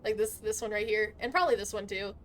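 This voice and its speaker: A young adult woman streaming a game live, chatting casually and swearing constantly, with loud outbursts. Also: medium pitch, quick pace, a little hiss or hum. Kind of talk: casual gaming livestream chat.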